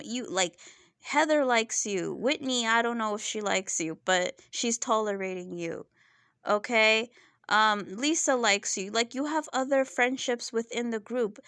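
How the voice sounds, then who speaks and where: A young woman with a fairly high voice talks through a casual commentary vlog, opinionated and a little exasperated. She is chatty and leans on fillers as she goes. The sound is dry and close. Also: fairly bright tone, no echo. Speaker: reality TV reviewer.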